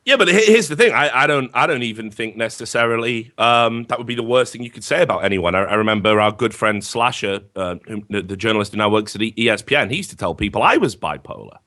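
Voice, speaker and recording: A man in casual podcast chat who tells stories in an animated, swearing way, with sarcastic asides. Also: lowish voice, quick pace, hardly any pauses. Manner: animated, profane storytelling. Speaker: podcast guest.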